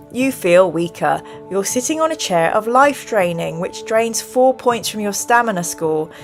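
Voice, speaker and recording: A woman hosting a live stream from home, chatting in rambling asides and reading an adventure book aloud. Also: medium pitch. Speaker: host. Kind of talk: live-streamed gamebook play and chat.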